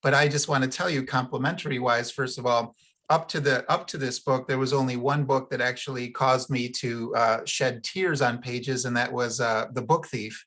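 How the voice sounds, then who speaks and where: A man's voice: mid-range voice, steady tone, moderate pace. A man hosting an online Q&A, thanking the author and asking questions with fillers. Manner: warm, appreciative, with fillers. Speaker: session host. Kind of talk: moderating an online Q&A. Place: home, on a video call. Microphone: video call microphone.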